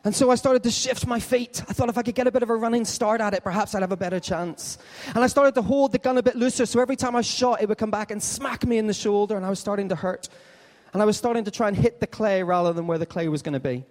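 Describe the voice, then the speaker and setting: A man preaching an Easter sermon in a rather high voice, with long reverb trailing behind every phrase in a large hall. He tells his stories animatedly and acts out each part of the dialogue. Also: darkish tone. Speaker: pastor.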